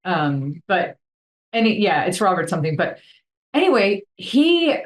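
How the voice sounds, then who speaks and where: Low-voiced woman co-host in an echoey room. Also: big pitch swings, unhurried. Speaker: podcast co-host. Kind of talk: casual podcast conversation. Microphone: video call.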